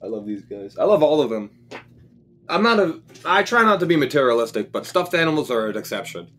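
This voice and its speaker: A young man streaming a game from home, chatting casually, swearing and breaking into sudden excited outbursts. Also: mid-range voice, fairly quick, slight background noise. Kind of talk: casual live-stream chat.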